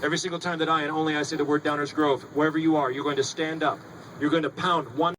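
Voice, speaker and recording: On a school auditorium stage, a man performing as a stage hypnotist gives commanding, theatrical suggestions and teases his volunteers. He talks fast in a fairly high, slightly bright voice with a flat delivery, and the live recording is noisy with audience sound.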